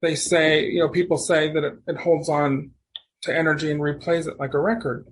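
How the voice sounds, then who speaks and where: A man as a podcast guest, telling stories in a rambling, animated way and often restarting his sentences. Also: a little high, brisk. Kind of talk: casual storytelling conversation.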